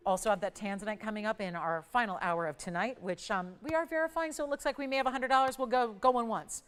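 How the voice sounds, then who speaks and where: A woman hosting a live TV jewelry auction, calling out bids in brisk, upbeat sales patter. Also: on the high side, clean tone, long reverb tail. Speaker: live shopping auction host.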